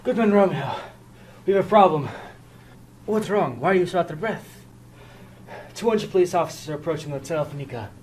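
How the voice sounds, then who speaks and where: Lively student audio-drama voice. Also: mid-range voice, fairly quick, long pauses, slight background noise, rough recording. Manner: shifts between characters, swinging from hushed to loud. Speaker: student performer voicing every part. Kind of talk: homemade audio drama acting.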